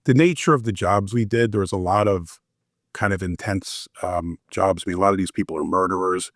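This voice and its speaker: Male guest, low register, easygoing anecdotal storyteller, dry close recording. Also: fairly quick, no room sound. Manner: relaxed, anecdotal, lots of fillers. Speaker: former warrant investigator, guest. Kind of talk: casual interview storytelling.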